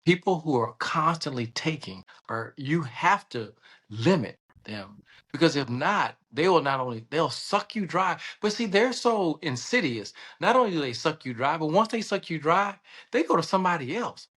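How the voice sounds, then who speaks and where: A Southern American man with a bright, forceful voice pitched a little high for a man. He tells stories in a casual conversation, animated and laughing often, slipping into voices for the people in his anecdotes. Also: moderate pace, slightly rough. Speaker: podcast guest, surgeon and state senator.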